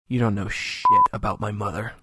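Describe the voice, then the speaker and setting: A man's voice: lowish voice, huge pitch swings, moderate pace, pushed and bright, a little hiss or hum, heavily acted. A man voicing a scornful, foul-mouthed cartoon host. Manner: abrasive, mocking, short-tempered. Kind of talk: comedic web cartoon voice acting.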